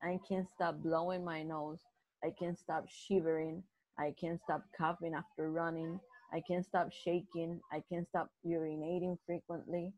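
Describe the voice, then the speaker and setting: Woman teaching a slow English grammar lesson. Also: on the low side, flat delivery, darkish tone, dry recording, low-quality recording. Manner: slow, repetitive explaining with frequent restarts. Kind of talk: live online grammar lesson.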